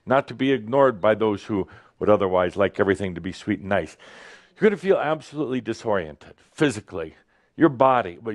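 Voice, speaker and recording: A man giving a spiritual talk to an audience, soft and slow in calm passages and loudly acting out panicked inner voices. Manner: animated, acts out panicked inner voices with shouted high pitch. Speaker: channeled teacher addressing an audience.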